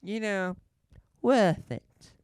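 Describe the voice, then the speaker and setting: A performer voicing an excitable eighteen-year-old school dinner man who rambles through a story in a comedy sketch. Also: medium pitch, drawn-out words, pitched above the performer's own voice. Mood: chatty.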